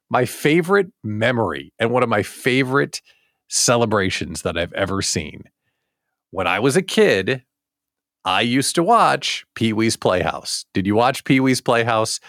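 A middle-aged man hosting a live stream, playful and chatty, speaking straight to his viewers. His pitch swings widely from phrase to phrase, and the sound is close and dry with no room echo. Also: a bit bright. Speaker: host of a daily live small business show. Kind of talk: upbeat live-stream talk.

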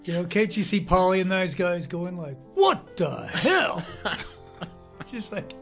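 A man hosting a podcast in casual chat, an animated storyteller who acts out the voices he quotes and laughs often. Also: sits high, moderate pace, soft background music. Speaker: podcast host.

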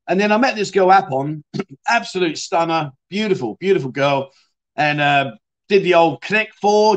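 A man hosting a casual livestream from Thailand, chatting with viewers and telling stories in a friendly way. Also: fairly high pitch. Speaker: livestream host. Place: home in Thailand.

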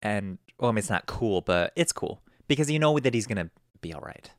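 A young man hosting a podcast rambles through a casual story, acting out quotes in a raised voice. His voice is fairly low, animated, and fairly quick, captured with clean studio sound and no echo.

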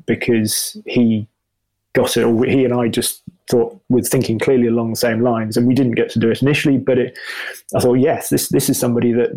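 A man's voice: mid-range voice, flat delivery, brisk, a little mellow, rough recording. A middle-aged man, a motoring journalist, answering interview questions in a rambling, self-deprecating way with many restarts. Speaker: motoring journalist and video presenter.

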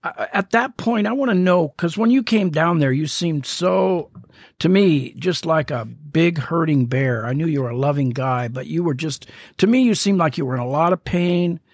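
A man with a slightly higher voice hosts a faith podcast, talking with eager warmth and plenty of fillers. The sound is dry and close, with no room echo. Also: animated, moderate pace, breathy edge. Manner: enthusiastic, rambling with fillers. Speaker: podcast host. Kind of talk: casual faith podcast chat.

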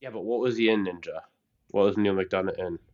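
Low, hesitant man on muffled audio. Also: fairly quick, darkish tone. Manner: hesitant, many fillers. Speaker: stream co-host. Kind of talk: casual chat.

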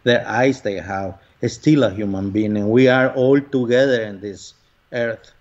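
A man being interviewed as a guest, speaking earnestly in a halting way with many fillers. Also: mid-range voice, a little mellow, muffled recording. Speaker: lottery winner guest. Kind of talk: conversational interview.

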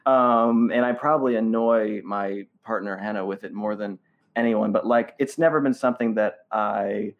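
A man's voice: on the low side, normal speed, narrow, tinny audio. Rambling, self-deprecating male comedian. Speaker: guest comedian. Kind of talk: casual podcast chat.

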